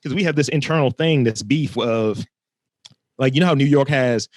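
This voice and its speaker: A man from Baltimore with a Baltimore accent, a podcast guest telling animated, profane stories in casual chat and acting out what people said. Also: medium pitch, normal speed, dry recording. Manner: animated storyteller, swears freely, acts out quotes.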